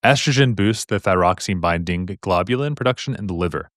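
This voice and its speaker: A man's voice: sits low, animated, fairly quick, fairly bright tone, dry recording, studio quality. A man tutoring on medical exam questions in a live stream, explaining in a casual, upbeat way with repetitions and slangy asides.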